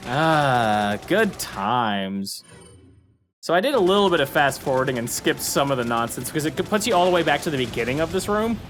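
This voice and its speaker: A man's voice: a little high, very animated, moderate pace, fairly bright tone, a little hiss or hum. A man hosting a let's play, commenting casually and playfully on his gameplay, laughing often and doing goofy voices. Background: game music and gunfire.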